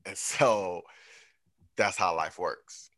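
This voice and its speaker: A man's voice: low voice, extremely slow, no echo, clean studio sound. A man co-hosting a podcast, talking candidly and reflectively about his own growth. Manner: candid, reflective, animated when quoting himself. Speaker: podcast co-host. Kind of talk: casual chat.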